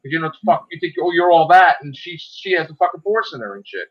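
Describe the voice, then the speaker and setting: A man's voice: a little high, animated, quick pace, muffled recording. A man hosting a livestream, chatting casually and ranting heatedly with a lot of swearing. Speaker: livestream host. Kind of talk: casual profane chat.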